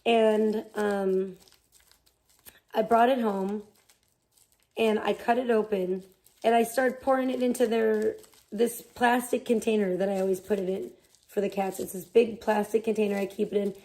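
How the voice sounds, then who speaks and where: A woman's voice: medium pitch, fairly even intonation, normal speed, warm tone. A woman live streamer chatting casually, rambling and swearing as she rants in exasperation. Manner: rambling, profane, exasperated ranting. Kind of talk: casual chat.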